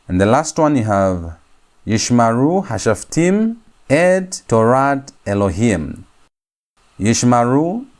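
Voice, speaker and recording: A man teaching a Hebrew grammar lecture, repeating each phrase slowly and stressing key words for his students. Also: fairly low pitch, a little mellow. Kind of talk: recorded classroom lecture.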